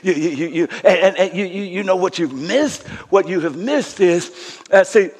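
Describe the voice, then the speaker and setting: A man preaching a sermon as pastor, using call-and-response and repeated refrains, swinging from shouted peaks to hushed near-whispers, in a church sanctuary. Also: sits high, lively intonation, normal speed, breathy edge. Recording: long hall reverb of a sanctuary.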